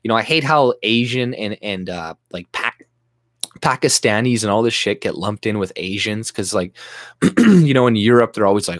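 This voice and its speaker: A man's voice: fairly low pitch, expressive, normal speed, no room sound, clean studio sound. A man delivering an agitated, profane, sarcastic political rant to camera, often restarting his sentences. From Canada. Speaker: YouTube commentator.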